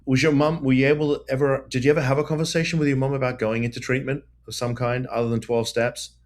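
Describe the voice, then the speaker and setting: A man's voice: mid-range voice, level tone, fast talker. A man hosting a podcast interview, a lawyer by trade, who talks conversationally and asks probing questions.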